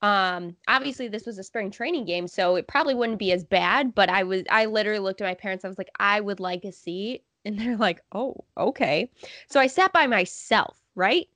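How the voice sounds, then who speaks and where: This medium-pitched woman co-hosts a podcast, speaking fairly fast with hardly any pauses and no echo. Her casual storytelling is lively, full of laughter and impressions of other people's lines.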